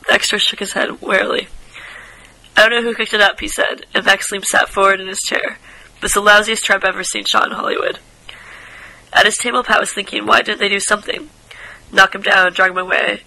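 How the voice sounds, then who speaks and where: A man reading a short story aloud in a casual, unpolished way, tripping over words and restarting, with quiet asides. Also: high-pitched, gravelly, rough recording. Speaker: reader.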